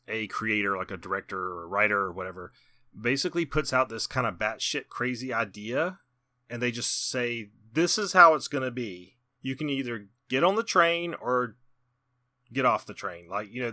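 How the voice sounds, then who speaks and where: A man's voice: mid-range voice, pushed and bright, no room sound, clean studio sound. A man co-hosting a horror film podcast, chatting casually and enthusiastically. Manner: enthusiastic, emphatic. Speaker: podcast co-host. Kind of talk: casual chat.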